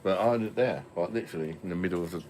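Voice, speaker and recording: A man's voice: deep voice, racing, a little mellow, slight background noise. A man hosting a casual online pub stream from home, telling rambling stories, swearing freely and laughing often. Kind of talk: casual chat over beers.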